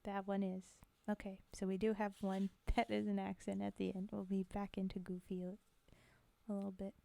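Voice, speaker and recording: A woman's voice: mid-range voice, monotone, moderate pace, gravelly, mellow, no echo. A woman hosting a casual livestream, chatting with viewers, giggling often and reading poetry aloud.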